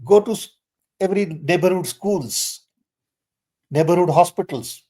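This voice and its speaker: An older man is a guest in a conversational Q&A, speaking emphatically and insistently and stressing points with sudden leaps in pitch. His delivery is a little slow, and his tone is dark.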